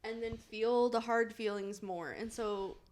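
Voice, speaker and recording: A woman's voice: fairly high pitch, fairly even intonation, measured pace, a little mellow. A woman co-hosting a podcast in casual chat, giggly and swearing freely. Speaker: podcast co-host.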